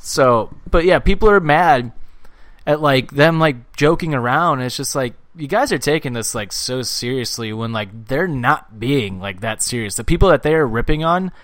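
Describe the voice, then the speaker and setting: A man's voice: mid-range voice, lively intonation, moderate pace, a bit bright, dry recording. Man, podcast co-host, blunt casual talk, dry close sound. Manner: blunt, swears a lot. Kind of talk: casual chat.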